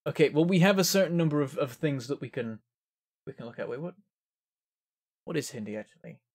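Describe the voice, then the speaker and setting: A man's voice: a little high, lively intonation, fairly quick, slightly rough. A man giving casual gameplay commentary, thinking aloud as he works things out. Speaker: game streamer.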